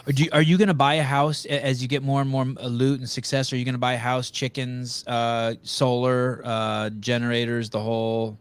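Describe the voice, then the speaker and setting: A man's voice: medium pitch, little pitch movement, brisk, few pauses, clear, resonant tone. A man hosting a podcast, talking over a video call in a blunt, profane, rambling way. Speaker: podcast host. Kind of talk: casual interview chat.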